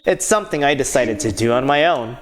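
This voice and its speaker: A man's voice: mid-range voice, expressive, fairly quick, crowd noise, voice pushed down, close to an everyday voice. A man voicing a cocky young male thief hero, laid-back and offhand. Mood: casual.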